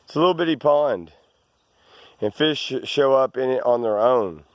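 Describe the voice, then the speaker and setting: A man's voice: mid-range voice, normal speed, dry recording. Rambling man outdoors. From Arkansas. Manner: meandering, with many restarts and asides. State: out of breath. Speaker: landowner vlogger. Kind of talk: rambling outdoor walk-and-talk. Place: outdoors on rural land.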